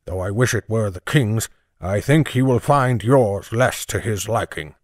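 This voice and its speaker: A man's voice: fairly low pitch, lively intonation, measured pace, no echo, studio quality. A man doing a grave town constable. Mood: hushed earnest. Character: stern middle-aged male town constable.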